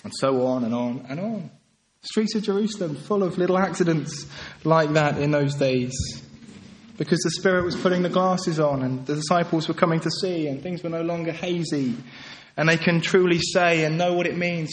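A man preaching a sermon, earnest and pleading, swinging from emphatic peaks to quiet, soft passages. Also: a little high, normal speed, long pauses.

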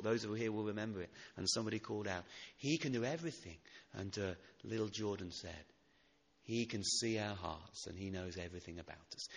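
A man preaching in church with a lowish, bright, forceful voice. His delivery moves from loud emphasis to a hushed, tender hush. The sound rings with the long reverb of a large church. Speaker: pastor. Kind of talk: sermon.

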